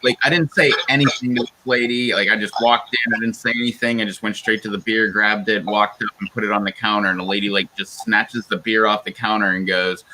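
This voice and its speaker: A man's voice: lowish voice, fairly even intonation, fast, few pauses, pushed and bright, poor audio. A man in a casual livestream chat, telling a laid-back, profane story and laughing along.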